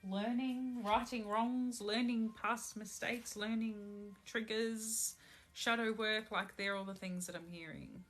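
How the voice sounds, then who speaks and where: A woman reads tarot cards on a live stream, taking her time with each phrase. Her voice is bright and clear, and she is pregnant. Her talk is slow, soothing and spiritual. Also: fairly high pitch, fairly even intonation. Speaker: tarot reader. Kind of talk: live-stream card reading.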